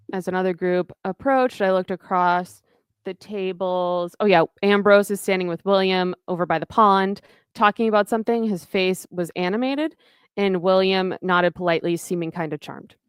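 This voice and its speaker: A woman's voice: lowish voice, clean tone, no room sound, studio quality. A woman podcast co-host casually recapping a novel chapter, rambling with fillers.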